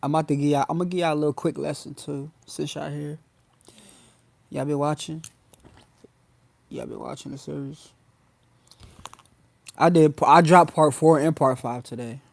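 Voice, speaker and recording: A man's voice: fairly high pitch, steady tone, moderate pace, vocal fry, pauses often, a little mellow, no echo. Slangy man on a phone livestream. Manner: loose slangy talk, addresses chat often. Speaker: livestream host. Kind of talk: casual livestream talk to viewers.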